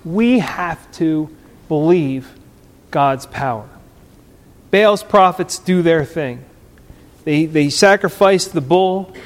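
Brief: male preacher, high voice, slow deliberate delivery, dramatic sermon, hall reverb. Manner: dramatic, storytelling, swings loud and soft.

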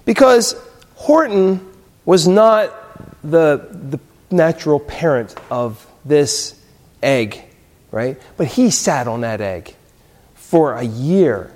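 A man's voice: on the high side, sing-song, slow, a little mellow, in a large hall. A man giving a sermon in a casual, conversational way, often checking in with the listeners. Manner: conversational, tags lines with "right?" and "you know". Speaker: pastor.

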